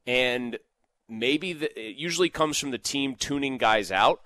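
A man co-hosting a sports talk show, arguing his points in animated casual debate and often saying "like". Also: medium pitch, unhurried, no room sound. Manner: argumentative, animated, fond of "like".

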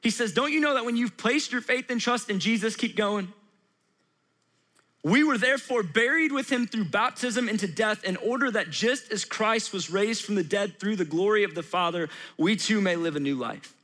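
A man's voice: sits high, normal speed, pushed and bright. A young adult man preaching a sermon as a pastor, earnest and conversational, repeating his phrases for emphasis. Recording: long reverb of a large hall.

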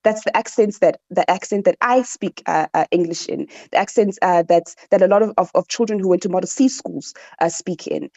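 A woman's voice: fairly low pitch, fairly quick, vocal fry, few pauses, warm tone, dry recording, lo-fi sound. A woman with a South African accent, a social and political commentator in a radio discussion, who often repeats words while she searches for her point.

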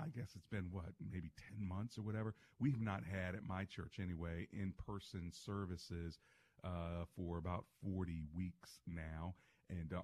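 A man's voice: low-pitched, a little mellow, a little hiss or hum. A man hosting a call-in radio talk show as a pastor, upbeat and playful, asking listeners many questions.

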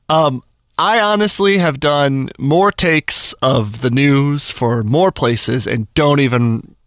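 A man's voice: medium pitch, extremely slow, a bit bright, no echo, clean studio sound. A man hosting a morning radio show, talking in an emotional, rambling way with sighs. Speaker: radio host. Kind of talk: casual morning radio chat.

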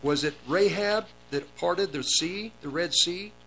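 A man's voice: high-pitched, a little slow, sharp tone, poor audio. Man preaching over a faint hum. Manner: reads verses then comments, raises voice on commands. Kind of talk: sermon, reading and expounding scripture.

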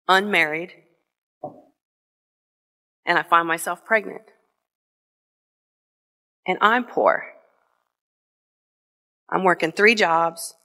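A middle-aged woman from Northwest Ohio telling a personal story on stage, slow and deliberate with emotional pauses. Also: fairly low pitch, sharp tone. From Northwest Ohio, USA. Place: theater stage before an audience.

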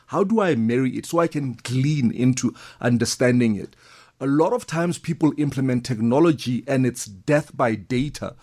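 A man's voice: medium pitch, a little mellow. A man, a guest expert explaining things enthusiastically in a conversational interview. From South Africa.

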